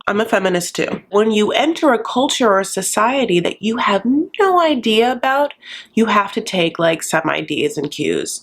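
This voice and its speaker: A woman hosting a YouTube recap channel, giving casual, sassy commentary full of campy, gossipy asides. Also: mid-range voice.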